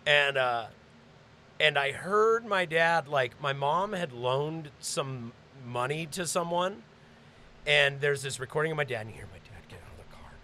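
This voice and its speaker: Animated, high-voiced male podcast host. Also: a little slow, slight background noise. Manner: animated, swearing, laughing storyteller. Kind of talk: casual chat, storytelling.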